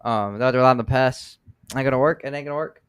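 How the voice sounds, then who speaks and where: Laid-back man with a smooth voice. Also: mid-range voice, fast talker, no room sound. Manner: laid-back, plain-spoken, says "man". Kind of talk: casual sports talk.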